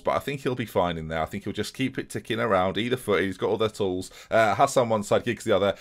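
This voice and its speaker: A man hosting a video game let's-play, talking viewers through it in a chatty, self-deprecating way. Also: lowish voice. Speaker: gaming YouTuber host. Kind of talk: casual let's-play commentary.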